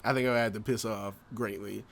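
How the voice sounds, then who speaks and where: A man's voice: fairly low pitch, fairly even intonation, fast, vocal fry, a bit bright. A man co-hosting a casual podcast, rambling with many fillers and frequent laughs. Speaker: podcast co-host. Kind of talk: casual chat.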